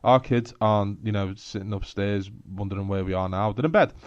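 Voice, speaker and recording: A man's voice: fairly low pitch, a little fast, highs cut off. A man with a Scouse accent co-hosting a podcast in casual chat, blunt and laughing, with sweary asides. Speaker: podcast co-host.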